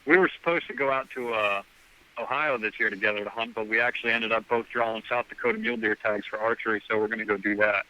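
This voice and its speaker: A man's voice: lowish voice, fairly even intonation, fast, bright, forceful tone, clear, resonant tone, muffled recording. A man as a podcast guest, telling a rambling story and acting out the dialogue with "I'm like" quotes. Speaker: guest hunter. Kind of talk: casual storytelling.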